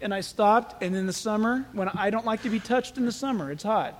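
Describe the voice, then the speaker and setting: A man preaching a sermon as pastor, telling stories in an animated way. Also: high voice, fairly quick, slight background noise. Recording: echoey hall with long reverb.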